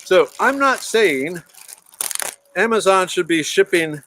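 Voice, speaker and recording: A man's voice: high-pitched, lively intonation, slow pace, sharp tone, a little hiss or hum. A man hosting a casual livestream, rambling with frequent restarts and greeting viewers in the chat by name. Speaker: livestream host.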